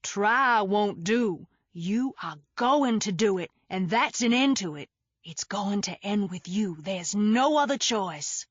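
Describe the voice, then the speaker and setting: A woman voicing an insistent mother with a honey-smooth Southern accent, speaking slowly and emphatically. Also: mid-range voice, lively intonation, dry recording, muffled recording. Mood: firm. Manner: slow, pleading, emphatic.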